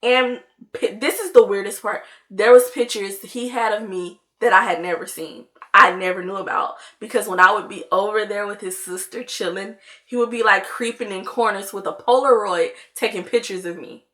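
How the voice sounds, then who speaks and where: A woman's voice: medium pitch, fairly even intonation, moderate pace, fairly bright tone. A young woman, chatting to viewers in a casual storytime vlog, full of "like" and "y'all". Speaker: vlogger.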